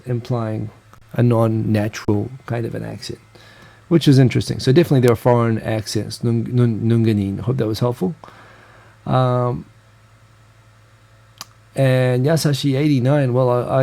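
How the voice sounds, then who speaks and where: A man hosts a live stream in a relaxed, rambling way, drifting through asides as he answers viewer comments. His voice is gravelly, with a dark, mellow tone and mid-range pitch. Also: moderate pace. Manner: rambling and chatty, with frequent fillers and asides.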